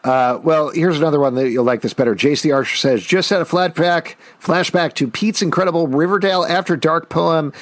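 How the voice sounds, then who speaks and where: A man co-hosting a podcast in casual chat, animated and ranting, laughing and reading listener comments. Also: fairly high pitch, brisk, hardly any pauses, no echo. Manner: animated, ranting, laughs and puts on silly voices. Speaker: podcast co-host.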